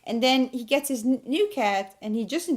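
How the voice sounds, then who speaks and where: High-voiced woman retelling a story. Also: moderate pace. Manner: animated storyteller, laughs often, acts out scenes. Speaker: podcast co-host. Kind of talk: casual chat.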